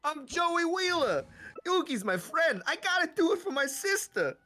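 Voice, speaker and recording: A man voicing a brash, scrappy teenage boy duelist from a cartoon, in a loud, high, drawling voice. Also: sing-song, normal speed, exaggerated voice.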